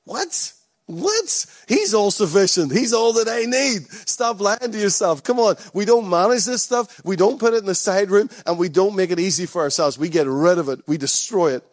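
A man's voice: sits high, fairly quick, hardly any pauses, dry recording, clean studio sound. A man preaching a sermon to his church with emphatic, repeated rallying calls. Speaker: pastor.

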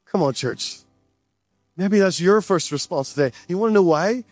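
A man with a high voice delivers a sermon to his church, animated and repeating his points for emphasis. The sound is dry and close, with faint music playing behind him. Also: brisk, no echo. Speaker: pastor.

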